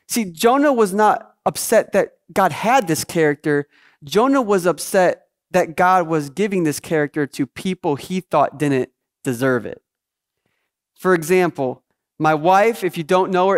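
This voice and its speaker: A male pastor preaching a sermon with energy and emphasis, throwing out rhetorical questions to his church. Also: sits high.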